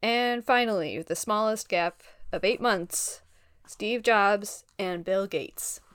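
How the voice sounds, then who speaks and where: A woman's voice: medium pitch, slow, fairly bright tone, smooth, dry recording, clean studio sound. A woman hosting a trivia quiz, reading out answers plainly and laughing easily between them. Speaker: quiz host.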